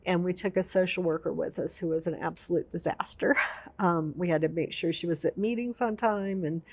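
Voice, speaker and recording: A woman's voice: on the low side, brisk, a little mellow. A woman veteran telling an emotional personal story in an interview, vividly and with repetition. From United States.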